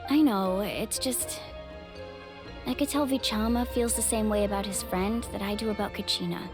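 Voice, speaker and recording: A woman's voice: medium pitch, moderate pace, over music, natural voice. An actress voicing a determined young woman in a video game, who speaks in an earnest and direct way.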